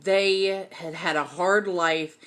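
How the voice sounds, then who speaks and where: A woman's voice: fairly low pitch, fairly even intonation, slow pace, fairly bright tone. A woman hosting a casual livestream lesson on folk magic, talking in a chatty way with many "um" fillers. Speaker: host teaching folk magic.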